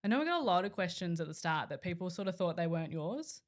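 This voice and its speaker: A young woman chatting as a podcast guest, quick to jump in and finish her partner's thoughts. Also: fairly low pitch, big pitch swings. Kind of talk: casual chat.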